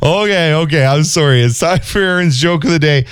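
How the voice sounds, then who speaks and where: A man's voice: on the high side, fairly quick, over a noisy crowd. A man co-hosting a comedy show, introducing segments and teasing his co-hosts in a playful way. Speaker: co-host.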